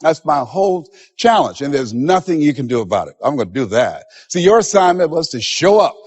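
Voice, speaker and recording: A man's voice: on the high side, very animated, brisk, a little mellow, husky, long reverb tail, dull audio. A man giving a motivational seminar speech, with emphatic, preacher-like delivery that acts out the voices of others. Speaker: motivational speaker.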